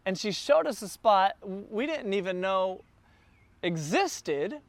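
A man's voice: high-pitched, slow pace, no echo. Chatty man telling a travel story. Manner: chatty, grows more excited as the story builds.

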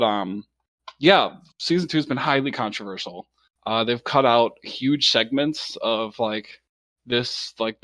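A young man in casual chat about anime, relaxed and full of fillers like "um" and "like". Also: medium pitch, dry recording, clean studio sound. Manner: relaxed, filler-heavy, laughs easily.

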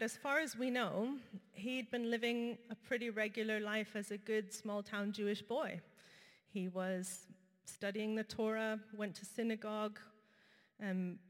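A woman preaching a sermon, telling a personal story in a conversational way with frequent pauses and fillers. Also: medium pitch. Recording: reverberant hall.

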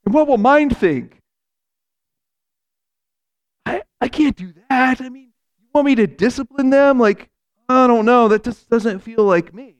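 A man's voice: extremely high pitch, unhurried, long pauses, voice pushed up. A man voicing the will as an anxious young man who wants to be liked. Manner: hesitant, worried, keeps pleading for reassurance.

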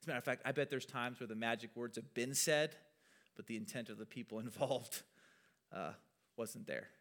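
A man's voice: medium pitch, brisk, fairly bright tone. A male pastor giving a casual teaching sermon in a conversational way, with self-deprecating asides.

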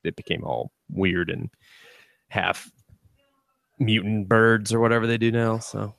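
A man with a low voice throws out dry, profane one-liners on a casual podcast. His sound is close and dead, with no room around it. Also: unhurried, creaky, a bit bright, no room sound. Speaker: podcast co-host. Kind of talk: crude casual podcast banter.

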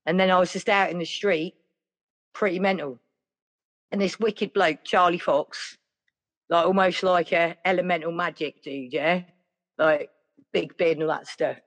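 A woman's voice: on the low side, fairly even intonation, unhurried, long pauses. A woman telling a personal story in a rambling, chatty way, full of "like" and "yeah". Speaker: podcast guest. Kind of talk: casual storytelling.

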